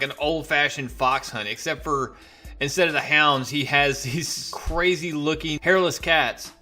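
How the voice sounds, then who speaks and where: Bright-voiced man chatting a comic recap. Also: fairly high pitch. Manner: chatty, loose retelling with fillers and asides. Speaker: comic book reviewer. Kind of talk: casual spoken recap.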